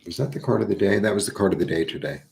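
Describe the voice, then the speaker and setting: A man with a very low voice talks his way through a casual live tarot reading. He is middle-aged and rambles, breaking off into lively little asides. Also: very fast, vocal fry. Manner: chatty, rambling, animated asides. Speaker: tarot reader.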